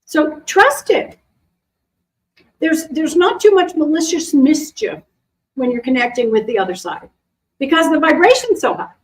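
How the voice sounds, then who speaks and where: A middle-aged woman, an animal communicator, chatting casually to a live audience and answering questions in a lively, animated way. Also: high-pitched, a little slow, long pauses, slight background noise, poor audio. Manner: chatty, animated, acts out quoted voices. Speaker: animal communicator and intuition teacher.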